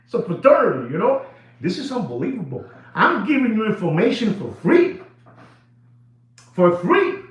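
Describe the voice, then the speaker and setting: In an echoey room with dull sound, a watch dealer hosts a video, riffing excitedly off the cuff in a high-pitched voice at a moderate pace, pausing often. He's animated and repetitive, shouting, laughing and slipping into Spanish.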